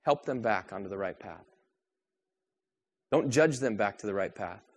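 A man's voice: fairly low pitch, animated, moderate pace, slightly rough. Man preaching a sermon. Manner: preaching with rhetorical questions, shifting from soft to raised. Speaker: pastor.

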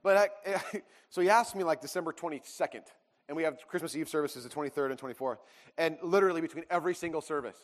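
A pastor in his thirties speaks quickly, sharing a personal story with his congregation and slipping into quoted voices as he goes. His voice sits a little high for a man. A long church-hall reverb trails every phrase. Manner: rambling storytelling with restarts and acted quotes. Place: church sanctuary.

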